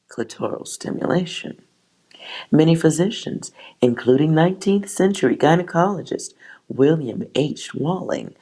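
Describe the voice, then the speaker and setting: A woman's voice: low-pitched, a little mellow. A woman hosting a tarot channel, reading a history text aloud and breaking off with sighs and wry asides. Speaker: tarot reader host.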